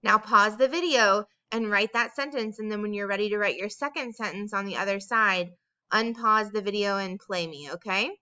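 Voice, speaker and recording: A woman teacher giving a recorded dictation lesson to young children, speaking in a slow, sing-song way and stretching out word sounds. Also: mid-range voice, sharp tone, smooth, muffled recording.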